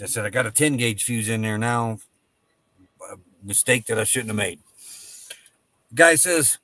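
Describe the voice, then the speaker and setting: A man's voice: medium pitch, moderate pace, long pauses, bright, forceful tone, no room sound. A man in casual chat, telling a folksy story about his solar setup and acting out both sides of the talk. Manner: folksy storyteller, acts out dialogue.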